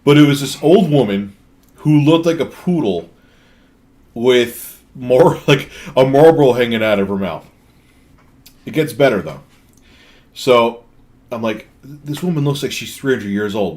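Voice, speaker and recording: A man's voice: mid-range voice, expressive, normal speed, long pauses, a little mellow. Rambling, cussing male streamer. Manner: rambling, profane storytelling with many restarts. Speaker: live streamer. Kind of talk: casual live-stream chat.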